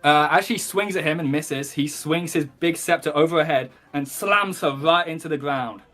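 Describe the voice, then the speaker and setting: Bright-voiced man running a tabletop game. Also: a little high, moderate pace, soft background music. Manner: rambling narration with many ums and likes, swearing. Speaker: game master.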